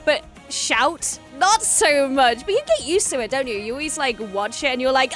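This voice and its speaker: High, lively, excitable woman reacting. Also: moderate pace, soft background music. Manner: bursts into excited shouts and squeals. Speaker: reaction video host.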